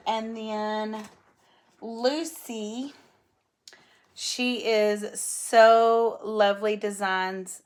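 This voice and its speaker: A chatty woman with a drawl talks to her viewers in a casual show-and-tell. She gushes over each item with excitement and keeps the talk loose and friendly. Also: medium pitch. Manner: gushing, enthusiastic, chatty. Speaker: flosstube host.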